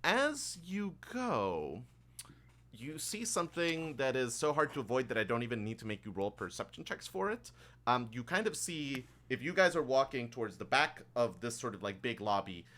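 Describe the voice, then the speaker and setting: A man runs a tabletop game as game master, narrating the scene in an improvised, loose way with plenty of filler words. His voice is bright and sharp, at a middle pitch. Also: sing-song, moderate pace.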